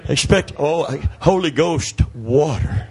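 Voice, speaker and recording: A middle-aged man preaching a sermon, calling out to the congregation and breaking into loud shouts as he tells stories. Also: on the high side, expressive, slow pace. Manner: call-and-response preaching, calls for amen, storytelling, sudden shouts.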